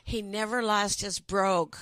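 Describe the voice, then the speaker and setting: An older woman reading her own memoir aloud in a gentle, unhurried storytelling way, then chatting about it. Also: mid-range voice, steady tone, no room sound. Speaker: author.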